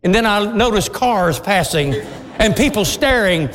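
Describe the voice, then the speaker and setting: Male preacher, high and very expressive storyteller, does all the voices himself. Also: measured pace, in a large hall, a little hiss or hum. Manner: animated, acts out every voice in his stories. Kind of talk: sermon storytelling.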